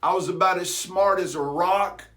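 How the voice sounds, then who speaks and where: A man's voice: sits high, normal speed, pushed and bright. A middle-aged man, telling a personal story in a folksy, self-deprecating way. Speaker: vlogger.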